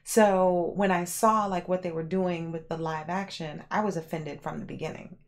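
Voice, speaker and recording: A woman hosting a livestream, casually chatting and answering viewers, rambling with lots of fillers and animated reactions. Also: on the low side, normal speed. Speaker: livestream host.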